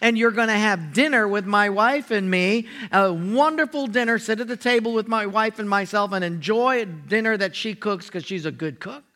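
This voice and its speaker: A man's voice: sits high, normal speed, hardly any pauses, bright, forceful tone. A man voicing an earnest, kindly Christian businessman in a joke told during a sermon.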